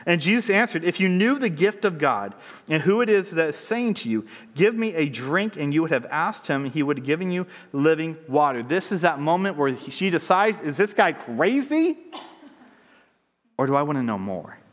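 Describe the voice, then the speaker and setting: High-voiced male preacher in a reverberant hall. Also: expressive, moderate pace. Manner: conversational preaching with rhetorical questions; reads scripture aloud then riffs on it. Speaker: pastor. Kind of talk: sermon.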